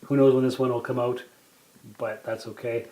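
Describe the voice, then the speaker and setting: A man hosting a casual podcast, rambling over drinks. His talk loops back on itself, relaxed and unhurried, with a plain mid-range voice. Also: medium pitch, roomy sound, rough recording. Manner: rambling, repeats himself. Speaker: podcast host.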